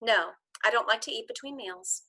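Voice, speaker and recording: A woman's voice: a little high, normal speed, pushed and bright. A woman reading the part of a cheerful, fussy young woman who plans everything, in an earnest casual script read-through.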